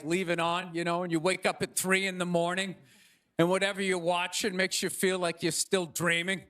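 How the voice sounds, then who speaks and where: A man doing a sarcastic, ranting stand-up comedy monologue to a live audience, often shouting. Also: sits high. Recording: live stage with audience laughter. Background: audience laughter.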